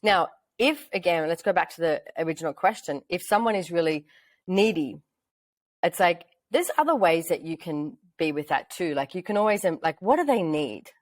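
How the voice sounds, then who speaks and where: A woman's voice: normal speed, dry recording. A woman with an Australian accent, chatting casually as a podcast host and acting out bits of dialogue as she tells stories. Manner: animated, acts out quoted dialogue in a high voice. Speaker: podcast host, relationship facilitator. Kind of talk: casual storytelling chat.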